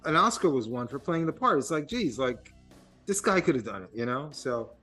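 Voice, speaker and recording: A man co-hosting a casual film podcast, telling stories in a rambling, animated way and laughing at himself. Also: medium pitch, moderate pace, soft background music. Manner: rambling, animated storytelling with self-mocking laughs. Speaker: podcast co-host.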